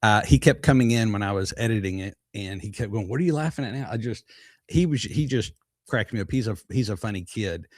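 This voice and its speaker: A man's voice: lowish voice, a little fast, no room sound. A man with a Texan accent co-hosting a casual podcast, teasing in a dry, easygoing way. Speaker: podcast co-host. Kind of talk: casual live podcast chat.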